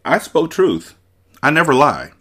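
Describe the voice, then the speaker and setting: A man's voice: a little high, big pitch swings, a little slow, bright, forceful tone, husky, voice pushed up, heavily acted. A man voicing a cruel, scheming prince in a storybook reading, smug and formal.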